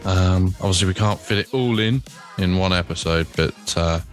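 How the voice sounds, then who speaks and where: A man hosting a podcast, chatty and relaxed with many ums. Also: sits low, moderate pace, soft background music. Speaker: podcast host. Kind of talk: casual podcast interview.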